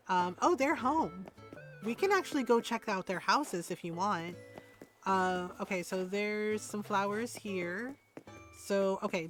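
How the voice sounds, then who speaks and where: A young woman hosting a relaxed game stream, chatting casually as she walks through her creations. She rambles a little, leaning on plenty of fillers, and her voice sits at a middle pitch.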